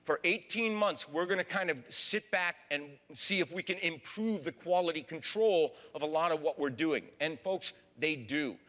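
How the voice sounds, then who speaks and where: A man's voice: fairly high pitch, moderate pace, hardly any pauses, fairly bright tone. A man giving a public history talk as a lecturer, folksy, often addressing the audience as folks. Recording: long hall reverb.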